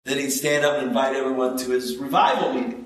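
A man preaching a sermon as pastor, slow and emphatic, rising in intensity on key points. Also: medium pitch, steady tone. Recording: roomy echo, distant from the mic.

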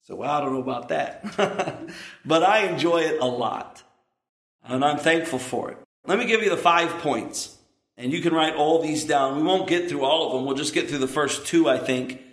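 A man in his thirties preaches an earnest, emphatic sermon with asides to the congregation. His voice sits a little high for a man. The recording carries the echo of a church room. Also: normal speed, fairly bright tone. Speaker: pastor.

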